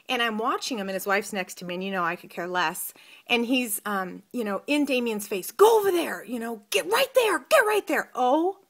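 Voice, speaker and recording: Rambling, animated woman vlogger. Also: medium pitch. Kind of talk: casual chat to camera.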